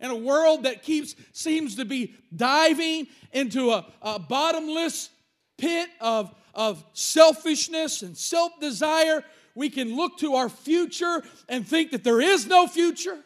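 A man's voice: very high voice, animated, slow pace. A man preaching a sermon as pastor, emphatic and repeating words for stress.

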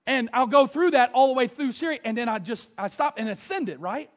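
High-voiced man preaching a sermon. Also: lively intonation, fairly quick, hardly any pauses, muffled recording. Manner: storytelling, swings from hushed to shouting. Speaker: pastor. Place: church sanctuary.

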